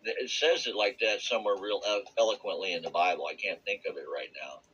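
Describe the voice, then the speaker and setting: A man giving a rambling, earnest personal testimony about a spiritual experience. He searches for words and laughs softly now and then. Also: on the low side, quick pace, highs cut off, slight background noise. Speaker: vlogger sharing a spiritual experience.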